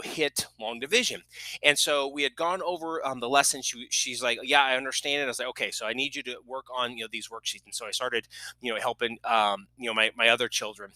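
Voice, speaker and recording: Bright-voiced man hosting a podcast. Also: medium pitch, no room sound, poor audio. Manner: conversational, many fillers and restarts; emotional when telling a family story. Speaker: podcast host. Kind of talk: casual storytelling podcast.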